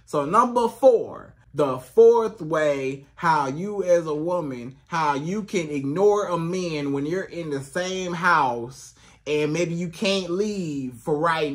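High-voiced man giving emphatic advice. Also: a bit bright. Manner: emphatic, repetitive, talks straight to the viewer. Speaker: relationship coach. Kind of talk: direct-to-camera advice monologue.

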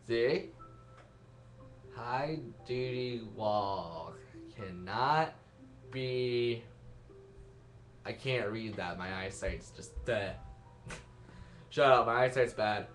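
A man's voice: medium pitch, expressive, extremely slow, long pauses, fairly bright tone. A young man giving rambling, self-mocking let's-play commentary and laughing at his own jokes. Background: game music.

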